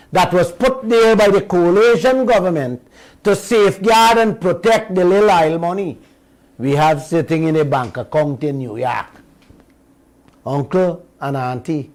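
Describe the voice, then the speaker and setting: A man's voice: high voice, a little mellow, rough recording. A middle-aged man, hosting a radio show and giving an emphatic political commentary monologue straight to his listeners. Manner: emphatic, drawn-out words, addresses listeners as uncle and auntie.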